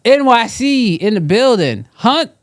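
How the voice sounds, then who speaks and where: A man's voice: very high-pitched, sing-song, measured pace, dry recording, studio quality. A man co-hosting a live stream, playfully calling out where viewers are tuning in from and bantering with his co-host. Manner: playful, shouting out viewers' locations.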